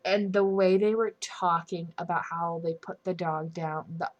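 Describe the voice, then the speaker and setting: A young woman talks straight to camera in an opinion vlog, voice sitting a little low. She sounds indignant and earnest, and she keeps restarting and correcting her own sentences as she goes. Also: steady tone, unhurried, dull audio. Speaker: commentary YouTuber.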